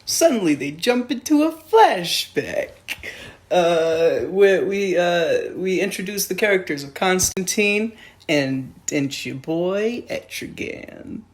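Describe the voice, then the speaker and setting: A woman's voice: fairly low pitch, animated, slow. Sarcastic woman reviewing a movie. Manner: sarcastic, jokey asides, swears casually. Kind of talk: sarcastic comedic film review.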